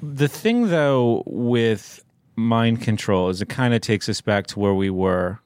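A man's voice: mid-range voice, a little mellow, clean tone, no room sound, clean studio sound. A man hosting a podcast in casual chat, rambling and playful as he thinks aloud. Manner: rambling, playful, drawn-out musings. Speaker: podcast host.

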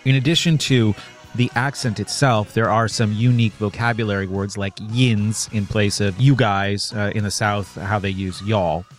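A man with a somewhat low voice hosts a podcast in a loose, playful manner. He talks casually and likes to slip into silly voices. Faint music plays under him. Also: fairly even intonation, moderate pace. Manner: playful, breaks into mock regional voices. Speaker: podcast host.

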